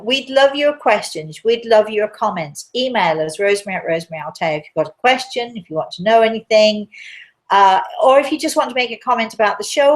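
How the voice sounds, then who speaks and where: A woman hosting a live talk show, telling a story in a chatty, animated way. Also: medium pitch. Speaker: host.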